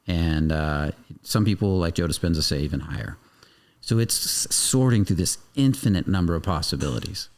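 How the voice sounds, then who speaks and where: A man speaking as a guest coach on a podcast, talking intensely, swearing freely and acting out little scenes of dialogue. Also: deep voice. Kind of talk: animated podcast interview talk.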